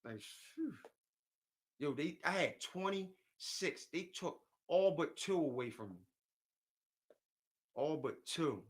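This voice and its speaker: A man's voice: a little high, lively intonation, slow, long pauses. A man hosting a casual livestream, rambling and venting, often repeating himself and reading viewer comments aloud. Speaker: livestream host.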